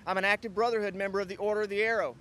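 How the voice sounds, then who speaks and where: A middle-aged man from Texas with a high-pitched voice gives a hurried speech at an outdoor press conference. He often restarts his sentences as he presses on. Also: fairly even intonation, pushed and bright. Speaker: scout crew advisor.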